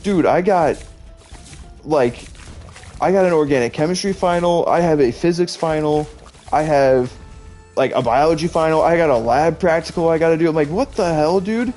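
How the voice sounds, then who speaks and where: Faint game music plays behind a young man in his twenties from Illinois who streams games and chats loosely while playing. His voice runs on the high side with a darkish tone at normal speed, and he rambles, leans heavily on "like," and laughs frequently.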